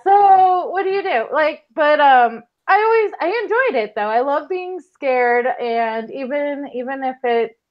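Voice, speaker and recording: A woman's voice: sits high, animated, unhurried, lo-fi sound. A woman chatting casually, laughing as she talks. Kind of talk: casual chat.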